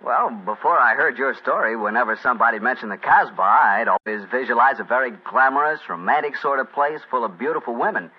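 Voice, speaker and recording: A man's voice: mid-range voice, fairly quick, hardly any pauses, slightly rough. A man reading a breezy, jovial announcement and ad on a 1940s radio show, in a salesman-like way. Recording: dull lo-fi 1940s radio recording.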